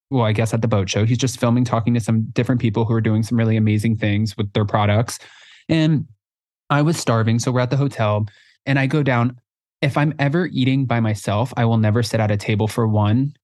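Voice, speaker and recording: A man's voice: medium pitch, a little mellow, dry recording, studio quality. A man co-hosting a podcast, chatting casually and playfully and laughing often. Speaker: podcast co-host. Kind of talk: casual chat.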